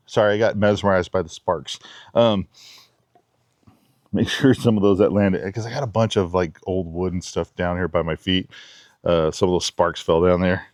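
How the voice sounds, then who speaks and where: A low-voiced man talks through a knife demo in a relaxed, chatty way, breaking into small giggles now and then. The sound is dry and close, with no room around it. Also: moderate pace, no room sound. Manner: chatty, laid-back, giggly asides. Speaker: knife reviewer. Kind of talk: casual outdoor demo talk. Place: backyard outdoors.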